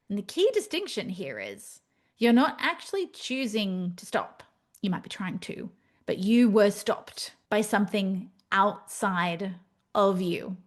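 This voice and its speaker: A woman hosting a solo podcast, talking candidly and animatedly, with playful asides. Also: medium pitch. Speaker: podcast host. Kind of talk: reflective solo podcast monologue.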